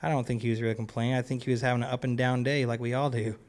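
A man's voice: mid-range voice, level tone, rapid-fire. A man preaching an earnest, conversational sermon, chuckling now and then at his own stories. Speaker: lay preacher and business owner.

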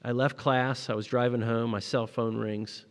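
A middle-aged man preaching a sermon, telling personal stories, rising to emphatic peaks and dropping to quiet moments. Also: medium pitch, little pitch movement, normal speed, long reverb tail. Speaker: pastor.

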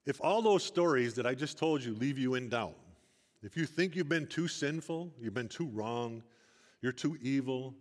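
An older man giving an earnest sermon, telling Bible stories with rising emphasis. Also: medium pitch. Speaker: preacher. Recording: long hall reverb.

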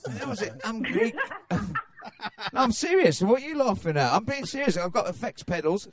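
A man's voice: high voice, big pitch swings, a little fast, crowd noise. A man with an English accent, co-hosting a podcast, rambling through crude jokes with lots of swearing. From England. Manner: rambling, jokey, swears a lot. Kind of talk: crude casual banter.

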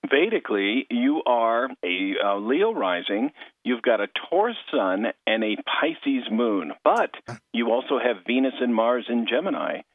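A man who is an astrologer and co-host on a call-in radio show, explaining charts in a chatty, animated way. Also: medium pitch, measured pace, no echo. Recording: tinny phone-line sound.

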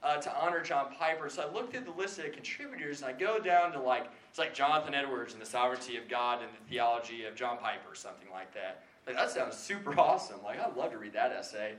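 In an echoey hall with faint background noise, a young man at a Christian gathering gives a relaxed, sermon-like talk before a live crowd. His mid-range voice is expressive and a bit bright, moving quickly with few pauses. He's chatty, pokes fun at himself, and says "like" a lot.

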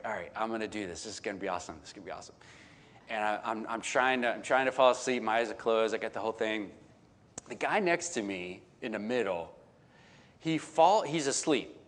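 A man preaching, telling a humorous travel story to a live congregation with lots of fillers, restarts and acted-out lines. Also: a little high. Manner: animated, full of fillers and restarts, acts out others' lines.

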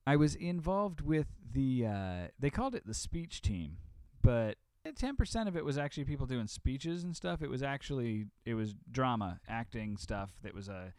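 A young man chats playfully as a podcast co-host, teasing and often restarting his sentences. His voice is smooth and clear at a middle pitch. The recording is dry and close. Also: sing-song, moderate pace, few pauses, darkish tone, dry recording. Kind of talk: casual chat.

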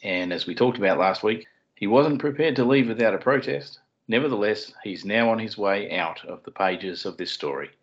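Deep-voiced man, explaining. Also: animated, moderate pace. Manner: explanatory, with wry puns. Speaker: podcast co-host. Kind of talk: casual chat and Bible teaching. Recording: dull lo-fi sound.

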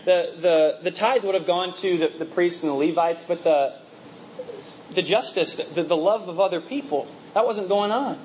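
A man's voice: sits high, moderate pace, a little mellow, slight background noise, poor audio. A young man preaching a conversational sermon, full of rhetorical questions and laughing asides, with a mixed accent. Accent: mixed, from working in a multinational office.

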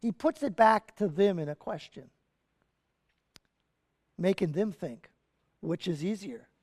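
Unhurried, animated preacher in a reverberant church hall; storytelling sermon with casual asides. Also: medium pitch. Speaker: pastor. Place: church sanctuary.

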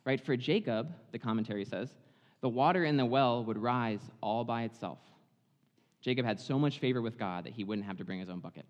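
Male preacher, conversational and animated, mid pitch; long hall reverb. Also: fairly quick, lo-fi sound. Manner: animated, chatty, dramatizing the story. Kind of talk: sermon, conversational Bible storytelling.

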